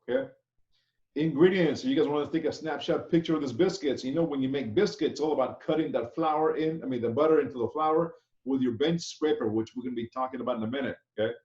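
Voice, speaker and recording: A man's voice: a little high, a little mellow. A man, a chef instructor teaching an online class in a loose, chatty way, often checking in with "okay?". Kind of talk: casual online class lecture. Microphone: video call. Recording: echoey, dull video-call audio.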